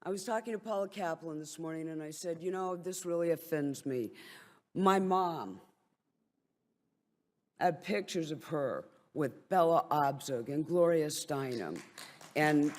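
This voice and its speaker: A woman's voice: low-pitched, animated, measured pace, some chatter behind. An older woman who is a military veteran gives an impassioned, blunt and wryly indignant speech at a briefing. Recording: long hall reverb.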